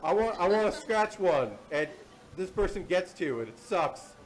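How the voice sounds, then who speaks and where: A man's voice: sits high, lively intonation, normal speed, a loud crowd. A man hosting a live convention panel in a casual, playful, self-deprecating way. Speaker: panel host. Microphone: handheld or table mic.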